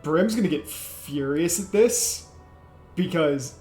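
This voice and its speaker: Brief: a man, higher voice, animated player in a tabletop role-playing session. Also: takes it slowly, reverberant, faint music behind. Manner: animated, shouts in-character lines. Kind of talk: playing a tabletop game in character.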